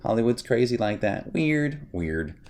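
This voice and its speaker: A man's voice: mid-range voice, sing-song, measured pace, darkish tone, voice pushed up. A man mockingly putting on the voice of a dismissive young actress, in a sing-song manner.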